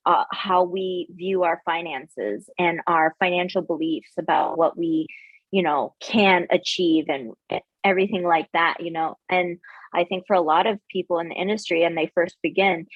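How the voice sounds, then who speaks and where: A woman's voice: fairly low pitch, moderate pace, husky, dry recording, muffled recording. A woman guest on a podcast, explaining her views in an earnest, reflective way. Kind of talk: casual interview chat.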